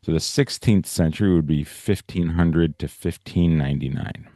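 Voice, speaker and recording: A man's voice: rumbling low, moderate pace, mellow, dry recording, studio quality. A male teacher giving a casual, explanatory science lecture on a video call, often checking in with "right?" and "okay?". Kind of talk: online class lecture.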